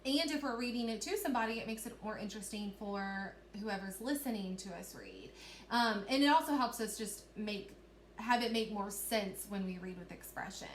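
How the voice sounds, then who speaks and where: A woman's voice: fairly high pitch, a bit bright, echoey room, slight background noise. A woman teacher giving a recorded reading lesson to children, explaining patiently step by step and often checking in with "okay?".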